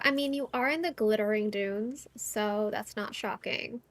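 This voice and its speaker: A woman's voice: mid-range voice, unhurried. A woman streamer chatting casually and giggling while she plays a video game. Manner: giggly, playful. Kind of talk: casual gameplay chat.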